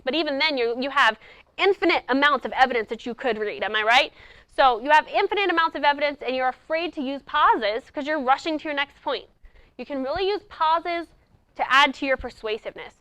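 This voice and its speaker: A woman giving a lively speech-coaching talk to debate students at a conference, acting out her examples as she goes. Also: high voice, no room sound. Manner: animated, acts out examples. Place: conference presentation.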